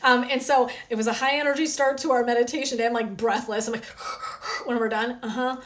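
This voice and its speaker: On a casual phone live stream, a woman who coaches wellness talks a bit quickly in a fairly high voice, throat sore from talking. She's chatty and lively, dropping frequent "um"s and "right?"s.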